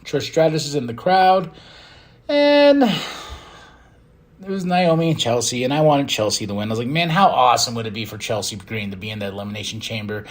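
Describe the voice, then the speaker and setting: A man hosting a podcast, recapping wrestling in a casual, excitable way and acting out quotes in loud bursts. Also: medium pitch, a little fast. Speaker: podcast host.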